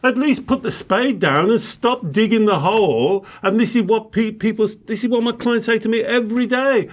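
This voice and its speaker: A man's voice: sits high, normal speed. A man who works as a spiritual coach, teaching emphatically in conversation and acting out exchanges with clients. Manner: emphatic, acts out client dialogues.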